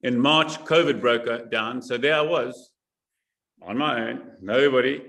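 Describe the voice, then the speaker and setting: A man guest from South Africa talking in a casual interview, halting and repeating words with emphasis. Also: medium pitch, gravelly, fairly bright tone.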